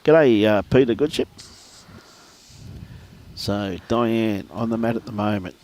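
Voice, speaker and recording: Chatty Australian bowls commentator, low voice. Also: male voice, takes it slowly, a little mellow, a little hiss or hum. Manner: chatty, laughs often, greets viewers by name. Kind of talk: live sports commentary and casual chat. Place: outdoor bowls green.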